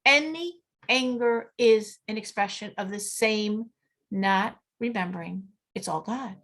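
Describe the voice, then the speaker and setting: A woman's voice: medium pitch, measured pace, a bit bright. A middle-aged woman teaching a women's class on faith, speaking animatedly and acting out inner voices with frequent laughs. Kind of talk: lecture with group discussion.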